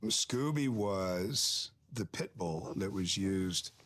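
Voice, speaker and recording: A man's voice: sits low, expressive, very slow, a bit bright. A male film actor being interviewed, telling reflective and wry stories about his work. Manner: thoughtful, wry anecdotes with laughs.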